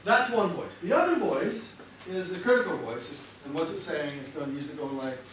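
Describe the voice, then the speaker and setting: A man speaking as a motivational seminar speaker in a lively way and asking the audience questions. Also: fairly high pitch, brisk. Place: large hall with audience. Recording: echoey hall, distant mic, noisy.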